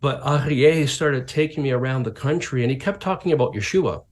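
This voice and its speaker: A man's voice: mid-range voice, fairly quick. A middle-aged man, a pastor and author, telling stories as a guest in an interview and acting out the voices of people he quotes. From Canada. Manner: lively anecdotes, acts out quoted voices. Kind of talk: interview storytelling.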